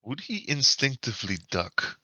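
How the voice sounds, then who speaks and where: A man's voice: medium pitch, big pitch swings, sharp tone, husky, no echo. A man playing a tabletop game, casual and playful, cracking jokes and laughing easily. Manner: joking, playful, quick to laugh. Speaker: player.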